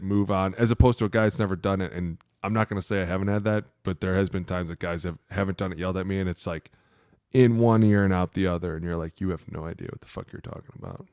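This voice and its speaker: A man co-hosting a casual sports podcast, telling locker-room stories with lots of swearing and acted-out coach yelling. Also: low voice, clean tone, no echo, studio quality. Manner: profane, animated storytelling, acting out coaches' yelling. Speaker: podcast co-host, former offensive lineman.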